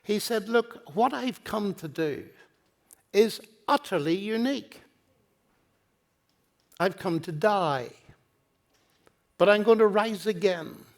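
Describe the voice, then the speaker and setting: An older man lectures with earnest, pleading conviction, his voice sitting high for a man. He moves through stories and quoted exchanges in a university hall. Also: expressive, slow pace, vocal fry, long pauses. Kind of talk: public lecture on faith and science.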